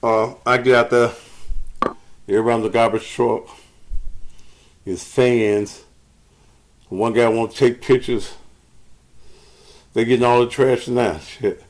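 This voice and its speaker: A middle-aged show host talks casually to viewers on a live broadcast, out of breath, cursing and rambling through loose stories. His medium-pitched voice stays steady and slow, broken by long pauses.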